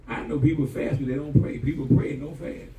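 A pastor preaches a sermon in a slightly high, gravelly voice, fairly quick and with fairly even intonation. He tells stories with humor and folksy phrasing, says "y'all," and uses call-and-response, all heard from a distance in an echoey room with audible background noise.

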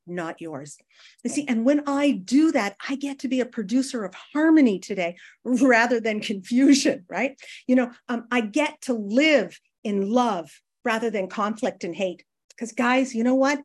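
Woman sharing her recovery story. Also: medium pitch. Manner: conversational, addresses listeners as guys, frequent tag questions; acts out quoted people with lively voices. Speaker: speaker sharing at a recovery meeting. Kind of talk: personal recovery share.

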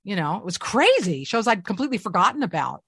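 Lively middle-aged voice actress, dry sound. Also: female voice, fast talker, husky, no room sound. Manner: animated storyteller with lively swings in pitch. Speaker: voice actress, guest. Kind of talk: casual interview chat.

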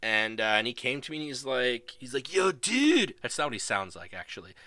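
Excitable man laughing through live commentary. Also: medium pitch, quick pace, no room sound. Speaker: live stream host. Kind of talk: casual live commentary on a video wrestling show.

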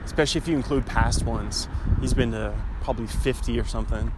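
A man's voice: mid-range voice, quick pace. A young man chatting casually in a rambling, self-amused way while sitting in his car at an intersection. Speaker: vlogger. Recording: street traffic noise behind.

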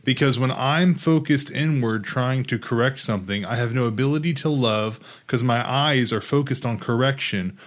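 A man talking about faith in an earnest way, growing excited and lively as he speaks. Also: mid-range voice, moderate pace, hardly any pauses. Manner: earnest, gets excited and animated. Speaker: Christian teacher. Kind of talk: casual faith discussion.

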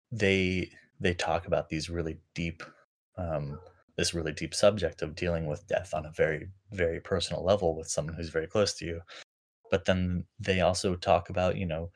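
A young man talking casually as a podcast co-host, reflective and halting, full of fillers and restarts. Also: low-pitched.

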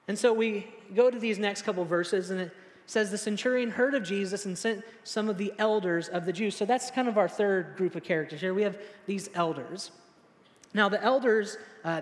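A man's voice: reverberant, long reverb tail. A young man preaching a sermon in a casual, storytelling way, acting out the people he quotes. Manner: casual, storytelling, acts out quotes with rising pitch. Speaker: pastor.

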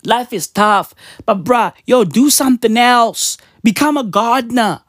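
A woman's voice: on the high side, a little slow, no room sound, studio quality. A woman with a South African accent, ranting casually on a vlog with heavy swearing and slang. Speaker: vlogger. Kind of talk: profane casual rant.

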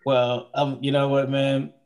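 A man's voice: mid-range voice, completely flat delivery, measured pace, darkish tone. A man co-hosting a podcast in a casual, rambling chat, often repeating himself. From from Maryland, now Florida. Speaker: podcast co-host.

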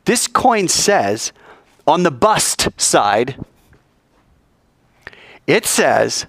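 A man preaching a sermon, telling the story with animated delivery and acting out the voices in it. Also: on the high side, drawn-out words, pauses often, dry recording, clean studio sound.

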